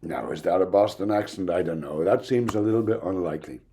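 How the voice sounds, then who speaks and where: Mellow-voiced man giving a lecture. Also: low voice, expressive, fast, a little hiss or hum. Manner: explanatory, thoughtful, with occasional ums and restarts. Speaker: university lecturer. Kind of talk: recorded lecture.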